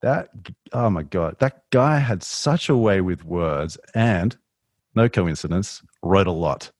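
Deep-voiced, mumbly Australian man. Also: animated, unhurried, a little mellow, no echo, studio quality. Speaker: podcast guest, author. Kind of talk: casual podcast conversation.

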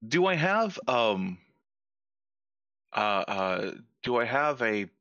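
A young man playing a tabletop role-play game, hesitant and clearing his throat. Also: mid-range voice, big pitch swings, slow pace, fairly bright tone, no echo. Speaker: player. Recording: dull lo-fi dry mic.

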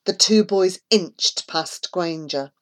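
A woman reading a children's story aloud in a measured, expressive way. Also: on the low side. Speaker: narrator.

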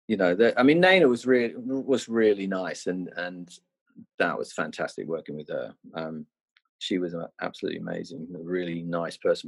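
A man's voice: low-pitched, breathy edge. A middle-aged man telling a rambling anecdote as an interview guest, full of restarts and asides. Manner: rambling, many restarts and "you know"s. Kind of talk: anecdotal storytelling.

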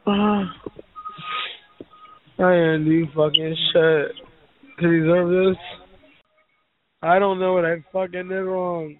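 A drunk man calling in, whining and cursing loudly about being wronged. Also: sits high, wildly swooping pitch, slow, pauses often. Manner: slurred, self-pitying, cursing and shouting. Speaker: caller. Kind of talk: angry phone rant. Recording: tinny phone line.

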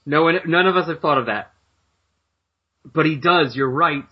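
A man with a husky voice chats about comics in an easygoing, joking way. The audio is dull and lo-fi. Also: on the high side, normal speed. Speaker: podcast co-host. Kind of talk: casual chat.

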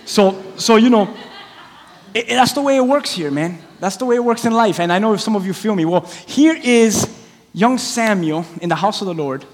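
Male pastor, high-pitched, lively storyteller acting out voices; recorded in a reverberant church hall. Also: moderate pace. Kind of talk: sermon. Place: church sanctuary.

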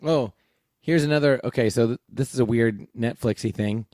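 A man in his thirties chatting casually as a podcast co-host, telling lively stories and jumping up in pitch when he quotes people. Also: normal speed, no room sound, studio quality. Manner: animated storyteller, jumps high when quoting others. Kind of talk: casual chat.

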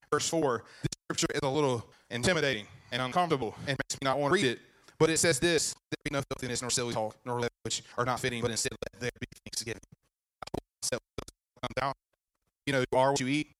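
A man, preaching a sermon as pastor, with animated asides and questions to the congregation. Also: a little high, rough recording. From Virginia.

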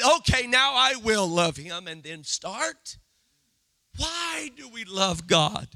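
A man preaching a sermon, swinging from shouted, drawn-out emphasis to low, quiet asides. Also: sing-song, vocal fry, dry recording.

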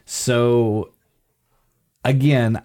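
A man co-hosting a casual podcast, chiming in with quick jokes. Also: mid-range voice, steady tone, warm tone. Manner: joking, quick interjections. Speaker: podcast co-host.

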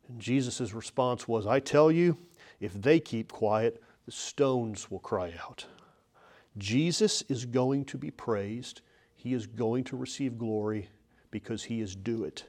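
A man's voice: mid-range voice, measured pace, darkish tone. Earnest male preacher delivering a sermon. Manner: earnest, rises to urgent emphasis, occasional throat clearing.

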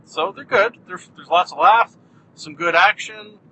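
Male podcast host, bright voice, slightly high, wry deadpan humor, animated, faint background hum. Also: measured pace, rough recording. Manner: animated, jumpy delivery. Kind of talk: solo podcast chat.

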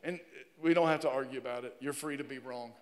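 A pastor from Virginia preaching a fervent sermon, dropping to a hush and then rising to a loud, emphatic call. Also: male voice, medium pitch, fast. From Virginia, USA. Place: church sanctuary. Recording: hall reverb.

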